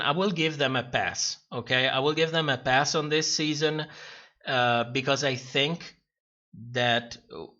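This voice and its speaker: Hosting a livestream and going through viewer comments, this man chats casually in a sharp-toned, mid-range voice. His delivery wanders, breaks into frequent laughter and keeps restarting, all over lo-fi audio.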